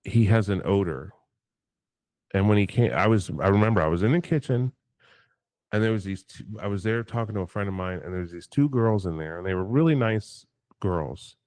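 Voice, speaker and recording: Male guest, lower register, profane and animated raconteur; dry close-mic chat. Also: a little fast, dry recording. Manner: animated, profane, acts out quotes. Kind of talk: casual livestream storytelling.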